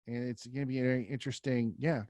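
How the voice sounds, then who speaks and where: A man's voice: medium pitch, steady tone, fast, a little mellow, dry recording. Rambling casual male podcast host. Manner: loose, rambling, lots of fillers.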